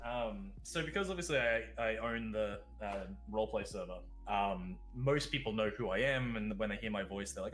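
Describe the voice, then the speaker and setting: A man's voice: lowish voice, moderate pace, hardly any pauses, a bit bright, a little hiss or hum. An Australian man chatting as a guest on a podcast, blunt and casual, swearing now and then and laughing between points.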